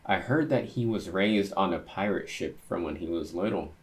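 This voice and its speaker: A young man reading a manga chapter aloud, thinking out loud and getting excited as he reacts to each panel. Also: deep voice, moderate pace.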